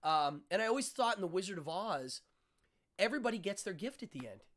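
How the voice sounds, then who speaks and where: A man hosting a casual interview chat, telling stories in an animated, excitable way. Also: high voice, brisk. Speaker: host.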